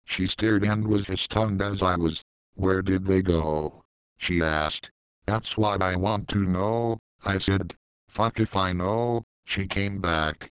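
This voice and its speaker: A man reading a first-person story aloud, voicing both sides of a dialogue in a flat, low-key way. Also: takes it slowly, smooth, no room sound, rough recording. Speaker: narrator.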